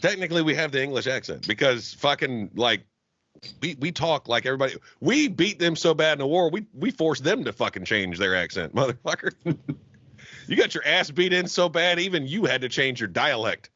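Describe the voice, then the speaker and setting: A man co-hosting a podcast in casual chat, loud and laughing, swearing a lot. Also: a little high, big pitch swings, brisk, no room sound. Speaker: podcast co-host. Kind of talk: casual profane banter. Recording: dull lo-fi dry recording.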